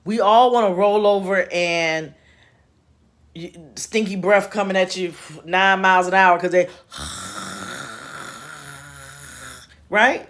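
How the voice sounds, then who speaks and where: Slow-talking woman chatting casually. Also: on the low side, animated. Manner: chatty, laughing asides, folksy slang. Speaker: host. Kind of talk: casual spiritual chat. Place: home. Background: home repair noise.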